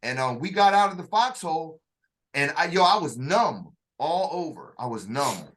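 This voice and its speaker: Animated man telling a story, bright voice. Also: fairly high pitch, normal speed. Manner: animated, vocal sound effects, acts out quotes; uses slang and restarts. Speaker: storyteller in a two-man dialogue. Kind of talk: casual conversational storytelling.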